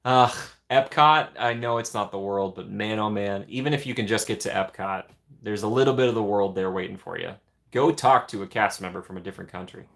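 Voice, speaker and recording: A man's voice: lowish voice, normal speed, creaky, a bit bright. Chatty man hosting a livestream. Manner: chatty, reads and answers viewer comments. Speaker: livestream host. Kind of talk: casual livestream chat.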